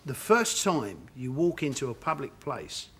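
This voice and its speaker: A man's voice: medium pitch, sing-song, unhurried, fairly bright tone, husky. Laughing Cockney man telling stories. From England. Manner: laughing storyteller, acts out quotes. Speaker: actor guest. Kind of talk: chat show interview.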